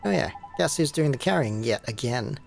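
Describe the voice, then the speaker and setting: A man's voice: mid-range voice, lively intonation, normal speed, vocal fry, faint music behind. A man voicing a cheeky, bossy male fairy sidekick who talks in brash slang, reading game dialogue.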